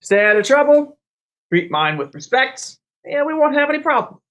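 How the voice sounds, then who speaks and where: A man's voice: extremely high pitch, sing-song, normal speed, fairly bright tone, lo-fi sound, pitched above the performer's own voice, full character voice. A man voicing a tough, no-nonsense woman who runs a train and lays down the rules. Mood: blunt. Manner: gruff, blunt orders.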